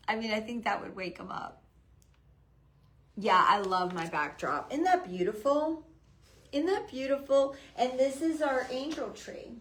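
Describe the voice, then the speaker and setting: A woman hosting a live craft stream, chatting softly to viewers by name and gushing over the decorations. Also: on the high side, low-quality recording. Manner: hushed, half-whispering. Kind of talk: casual live-stream chat.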